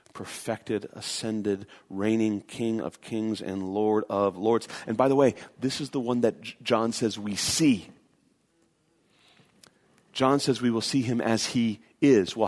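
A man's voice: fairly low pitch, a little mellow. Earnest man preaching a sermon. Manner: earnest, emphatic preaching with repetitions. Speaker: pastor.

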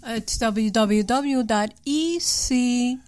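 A woman's voice: on the high side, extremely slow, darkish tone. A woman co-host with a New York accent who chimes in with brief, rehearsed-sounding lines. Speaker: radio co-host.

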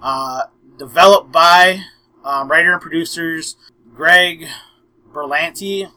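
A man's voice: a little high, slow, poor audio. A young man hosting a casual podcast, telling a long story and acting out the quotes with lots of "I'm like". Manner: animated, acts out quotes, frequent "I'm like". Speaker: podcast host.

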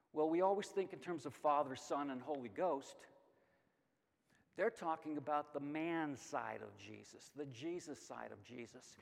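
A middle-aged man teaching a Bible lesson, emphatic and lively, asking questions and answering them himself. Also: on the high side, a little slow, gravelly. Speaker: Sunday school teacher. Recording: long hall reverb.

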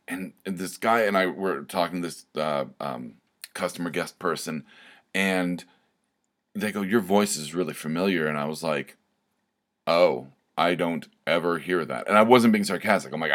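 A young man hosting his own podcast, talking alone in a rambling, self-deprecating way with many fillers and restarts. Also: low voice. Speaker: podcast host. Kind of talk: casual solo podcast monologue.

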